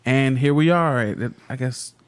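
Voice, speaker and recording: A man's voice: medium pitch, unhurried, clear, resonant tone. Laid-back slangy man podcasting. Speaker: podcast co-host. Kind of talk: casual couple chat.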